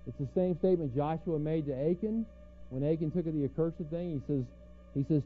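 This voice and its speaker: A man's voice: fairly high pitch, a little fast. A man preaching a conversational sermon, teaching verse by verse and asking rhetorical questions. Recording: tinny phone-like sound with faint music.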